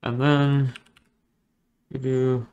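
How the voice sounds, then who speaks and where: A man's voice: medium pitch, little pitch movement, extremely slow, a little mellow, smooth, dull audio. A man chatting casually as he draws digitally, rambling along with jokes and self-deprecating asides. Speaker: digital artist. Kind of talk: casual commentary while drawing.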